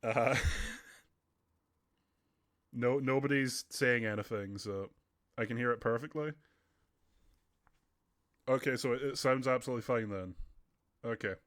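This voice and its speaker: A man's voice: mid-range voice, unhurried, pauses often, a bit bright. A young man streaming live from home, chatting casually with viewers in a rambling, chatty way, his nose running. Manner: rambling, chatty, often laughing. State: runny nose. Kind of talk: casual livestream chat. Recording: faint background music.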